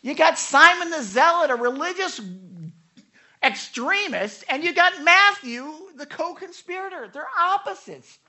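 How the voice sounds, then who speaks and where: A woman preaching with a bright, sharp-edged voice. She delivers the sermon in an animated way, stumbling over repeated words as she goes. She slips into the voices of the people she quotes. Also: extremely high pitch, a little slow. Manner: animated, frequent stammered repeats; acts out quoted speakers.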